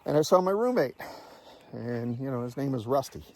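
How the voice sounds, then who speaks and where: An older man in his sixties spins a Navy story in plain, salty talk. His voice sits at an ordinary middle pitch, and he swears without a second thought. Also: expressive, normal speed, dark tone, slight background noise. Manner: blunt, swears freely, acts out dialogue. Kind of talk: casual spoken war story.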